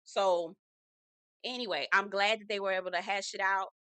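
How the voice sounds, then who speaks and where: Sassy woman with a bright, dry voice. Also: medium pitch, normal speed, clear, resonant tone, dry recording. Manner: sassy, animated, says "girl" often. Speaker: reality TV recap host. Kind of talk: casual recap commentary.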